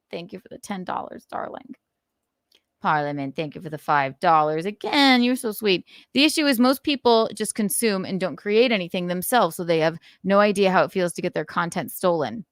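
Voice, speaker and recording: A woman hosting her own livestream, chatting casually and sarcastically and laughing often. Her pitch swoops up and down a lot as she talks. The sound is close and dry. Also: normal speed, dry recording. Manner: animated, sarcastic, laughing often, reading chat aloud. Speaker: livestream host.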